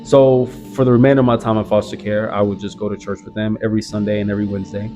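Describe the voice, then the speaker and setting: A man's voice: on the low side, flat delivery, fast. A young man from the American South earnestly telling his own life story, reflective, with many "like" fillers. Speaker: convert sharing his story. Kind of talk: personal storytelling. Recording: strong background music.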